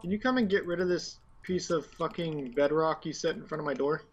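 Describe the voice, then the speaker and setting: A man's voice: fairly high pitch, a little fast, muffled recording. A man chatting casually while gaming, blunt and swearing freely. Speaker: gamer.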